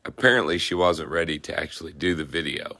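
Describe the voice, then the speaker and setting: A man's voice: rumbling low, animated, quick pace, very noisy. A man off camera reading out viewer comments with dry, teasing remarks. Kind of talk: casual off-camera chat.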